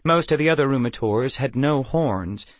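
A man narrating a fantasy novel as an audiobook, in an even, clear storytelling manner. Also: mid-range voice, moderate pace, dry recording. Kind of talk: scripted narration.

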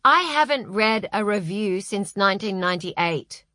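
A woman's voice: mid-range voice, lively intonation, a little slow, pushed and bright, no echo, clean studio sound. A woman voicing a proud, prickly middle-aged romance novelist who speaks in short commanding lines. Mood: indignant. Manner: clipped, commanding.

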